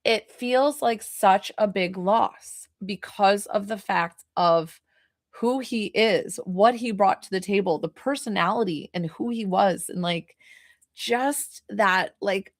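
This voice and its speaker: A woman's voice: mid-range voice, slow pace, no room sound, clean studio sound. A woman working as a psychic medium, giving a live reading in a chatty way full of "like" fillers. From New York.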